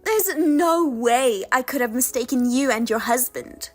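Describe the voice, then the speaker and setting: A woman's voice: high-pitched, animated, unhurried, soft background music. A woman voicing a scheming younger sister who mocks and taunts in a sing-song way. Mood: smug.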